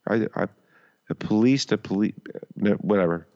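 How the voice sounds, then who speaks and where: A man co-hosting a podcast in a casual, profane chat, halting and stumbling over words with a wry edge. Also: lowish voice, darkish tone, lo-fi sound. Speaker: podcast co-host.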